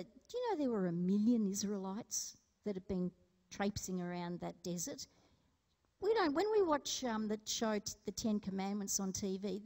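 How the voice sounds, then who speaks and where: Her voice is medium in pitch and a little mellow, carrying the sound of a big room. This woman preacher delivers a conversational sermon in a church hall, weaving stories and asking the congregation questions.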